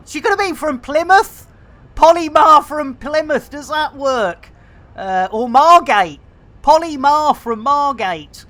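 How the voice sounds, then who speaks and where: A woman chats loosely to her live-stream audience, wandering off into puns and giggling fits. Her voice sits fairly high. She takes her time, talking at a slow, easy pace. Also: fairly bright tone. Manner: giggly, rambling, punning. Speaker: game streamer. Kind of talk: casual live-stream chat.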